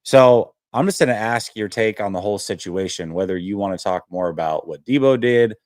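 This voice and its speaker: Lively man hosting a sports show. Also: lowish voice, brisk, dry recording, studio quality. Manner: animated storytelling, lots of fillers. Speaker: host. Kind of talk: casual sports podcast talk.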